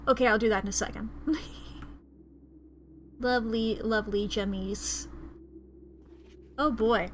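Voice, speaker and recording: A woman's voice: a little high, steady tone, unhurried, long pauses, slight background noise. A woman streaming a video game, chatting playfully with her viewers and swearing now and then. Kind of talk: casual gameplay commentary.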